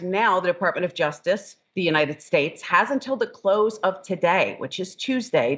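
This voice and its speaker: A woman legal scholar, interviewed as a guest, explaining court matters in a measured, precise, lawyerly way. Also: fairly low pitch, fairly bright tone, highs cut off.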